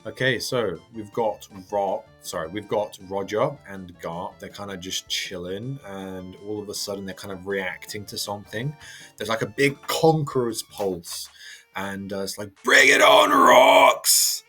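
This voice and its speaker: A man casually reading and reacting to a manga chapter, chatty and halting with lots of fillers. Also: fairly low pitch. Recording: faint background music.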